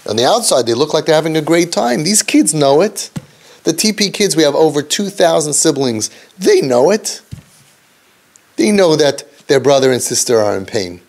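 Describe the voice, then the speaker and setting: A man, a parenting counselor, gives an impassioned, preachy lecture, dropping low and soft and then rising for emphasis, with Yiddish and Hebrew terms mixed in.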